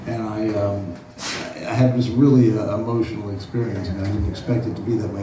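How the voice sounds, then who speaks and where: A man in his sixties, a photographer giving a gallery talk, telling anecdotes in an animated way and acting out the dialogue. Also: on the low side, noisy background. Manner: animated storyteller who acts out dialogue. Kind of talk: anecdotal storytelling to an audience. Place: large indoor art gallery. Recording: very echoey room, far from the mic.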